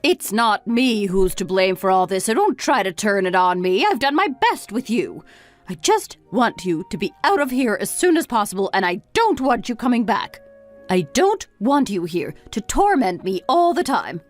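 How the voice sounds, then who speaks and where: A bitter middle-aged mother, played by a woman, scolds her grown son in a text-story drama. Her lecturing voice swings widely in pitch, and soft music plays behind her. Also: sing-song, normal speed, lightly acted. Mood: reproachful. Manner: reproachful, lecturing.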